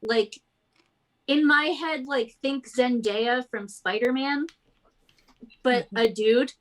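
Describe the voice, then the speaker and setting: High-pitched lady gm narrating a tabletop game, slow, chill, lots of "like". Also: fairly bright tone, low-quality recording. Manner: casual, lots of fillers. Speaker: game master.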